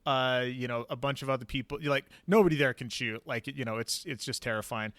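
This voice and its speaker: Bright-voiced man telling a rambling story. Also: mid-range voice, steady tone, brisk, dry recording. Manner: rambling, filler-heavy, swears casually. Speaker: podcast host. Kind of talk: casual storytelling chat.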